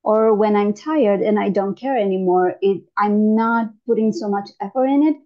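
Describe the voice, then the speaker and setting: A woman's voice: mid-range voice, normal speed. A woman with an Eastern European accent asks earnest questions in a workshop. Her voice comes over a video call with slightly dull, muffled audio. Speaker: workshop participant.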